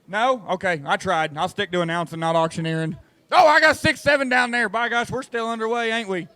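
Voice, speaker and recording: A man calling a dirt track race live, excitable and joking with the crowd. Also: sits high, fairly quick, dry recording. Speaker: race announcer. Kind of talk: live race commentary over a PA.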